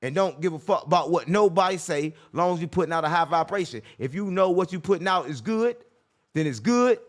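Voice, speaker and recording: A man's voice: high-pitched, expressive, fairly quick. A man hosting a casual podcast, brash and profane, preaching life advice in a loose, rambling way. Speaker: podcast host.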